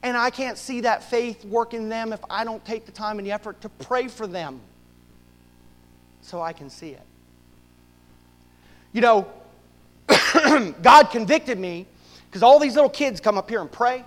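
A man preaching a sermon to his church, swinging from loud bursts to hushed asides. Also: very high voice, unhurried, pauses often, long reverb tail, poor audio. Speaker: pastor.

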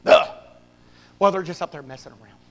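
A man preaching a sermon to his church, swinging from loud bursts to hushed asides. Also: sits high, fairly quick, in a large hall, rough recording. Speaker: pastor.

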